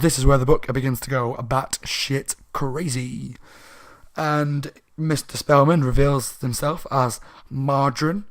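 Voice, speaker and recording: A man with a sore throat casually retelling a book plot as a reviewer, rambling and animated. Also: medium pitch. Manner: rambling, animated, laughing asides.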